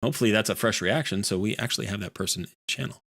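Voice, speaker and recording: Bright-voiced man rambling on a stream. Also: lowish voice, racing, no room sound, studio quality. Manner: rambling, enthusiastic, lots of fillers. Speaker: streamer host. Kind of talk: casual live-stream chat.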